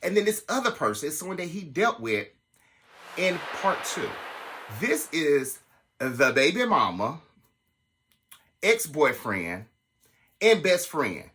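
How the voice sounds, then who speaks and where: A man telling a personal story to his viewers in a casual, animated and profane way. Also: on the high side, slow pace, pauses often, a little hiss or hum. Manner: animated, profane, dramatic retelling.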